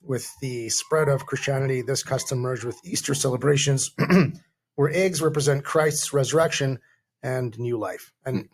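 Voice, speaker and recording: Halting man reading facts on a podcast. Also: mid-range voice, steady tone. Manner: reads facts aloud haltingly, with many fillers. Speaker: podcast co-host. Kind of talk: casual chat.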